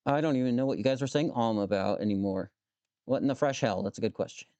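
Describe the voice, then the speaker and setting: A man's voice: medium pitch, fast, dark tone, smooth, dry recording. A man live streaming as he works with his hands, muttering to himself, swearing freely and joking with his chat. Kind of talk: casual live-stream chat while working.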